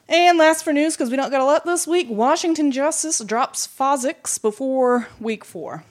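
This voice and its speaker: A woman's voice: high-pitched, moderate pace, hardly any pauses. A woman co-hosting a casual gaming podcast, reading out news and schedules with joking asides. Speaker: podcast co-host. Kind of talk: casual esports podcast chat.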